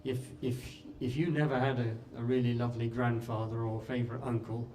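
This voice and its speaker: A man's voice: mid-range voice, flat delivery, mellow, distant mic, a little hiss or hum. Impassioned man telling a story. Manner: impassioned, with dramatic pauses. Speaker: speaker at a talk. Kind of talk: storytelling speech.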